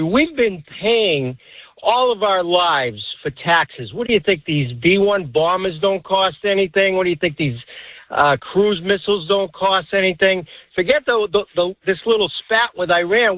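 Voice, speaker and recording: A man's voice: high voice, expressive, measured pace, no echo. A man calls in to a radio show, stumbling and repeating words as he airs strong opinions. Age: 60s. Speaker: caller. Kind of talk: call-in radio. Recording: tinny phone line.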